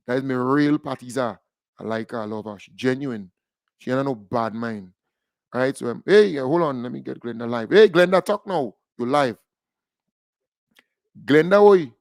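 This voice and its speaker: A Grenadian man hosting a call-in radio show, talking in a lively, joking way with Caribbean creole phrasing. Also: medium pitch, normal speed, pauses often, dry recording, clean studio sound. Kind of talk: casual radio talk with a caller.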